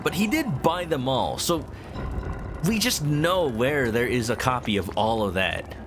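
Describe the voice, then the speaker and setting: Here the game streamer has a medium-pitched, expressive voice and an unhurried pace. He rambles loosely to his chat as he plays and hums along, with video game music in the background.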